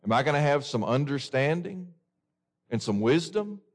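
Male preacher, fairly high voice, earnest sermon delivery, poses questions to the listeners. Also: sing-song, normal speed.

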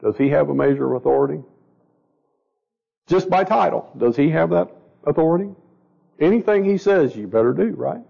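A man's voice: a little high, lively intonation, moderate pace, gravelly, pauses often, slightly rough, long reverb tail. A man teaching a Bible study to a group, asking them questions as he goes and stumbling over words. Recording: dull lo-fi recording.

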